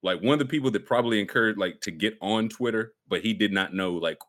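A man's voice: fairly low pitch, fast, fairly bright tone. A man hosting a podcast in casual chat, joking and putting on silly voices as he tells stories. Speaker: podcast host.

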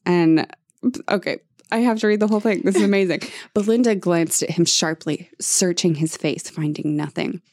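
A young woman co-hosting a podcast, chatting and reading a book aloud, giggly and expressive, swearing freely. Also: fairly low pitch, moderate pace, no echo, clean studio sound. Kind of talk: casual chat and dramatic reading.

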